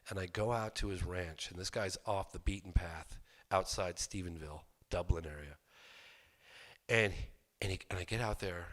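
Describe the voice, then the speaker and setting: A middle-aged man from California spins a story for a live audience. His voice sits a little low. He is animated, jumps into the voices of the people he quotes, and restarts his sentences often. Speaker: documentary filmmaker giving a public talk.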